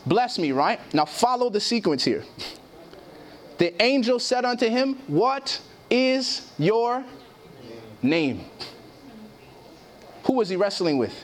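Animated and speaking at a moderate pace, a high-voiced man gives a sermon. He asks his listeners questions and reads aloud from scripture.

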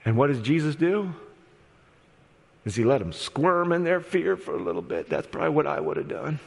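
A man preaching an evangelistic sermon in an auditorium, moving between loud storytelling and hushed appeals. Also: fairly high pitch, sing-song, normal speed, creaky. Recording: long hall reverb.

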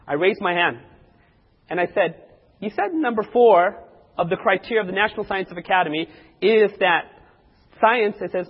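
A man's voice: fairly high pitch, slightly rough. A man preaching, telling a personal testimony and acting out the voices of the people in his story. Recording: dull lo-fi recording in a reverberant hall.

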